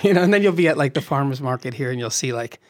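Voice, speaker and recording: A man's voice: mid-range voice, lively intonation, racing, a little hiss or hum. A man talking as a guest writer-director in a casual interview, rambling and laughing often.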